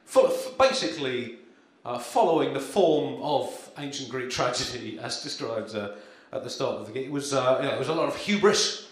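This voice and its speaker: A man doing a deadpan stand-up comedy set at a live gig, with dry humour, hesitant ums and frequent chuckles. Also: medium pitch, normal speed, few pauses. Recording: very echoey room with clear ambience.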